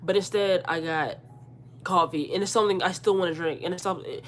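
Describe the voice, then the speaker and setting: A young woman telling a casual storytime rant, animated and incredulous, arguing her side. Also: on the low side, a little fast, slight background noise. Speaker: vlogger.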